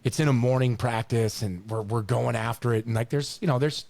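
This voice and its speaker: A middle-aged man co-hosting a podcast, telling stories in an animated, casual way, often repeating words and swearing now and then. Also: mid-range voice, fairly quick, vocal fry, no echo. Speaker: podcast co-host. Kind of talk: casual storytelling chat.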